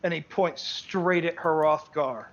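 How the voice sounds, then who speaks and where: A man's voice: fairly high pitch, slow, highs cut off, slight background noise. Man narrating as game master.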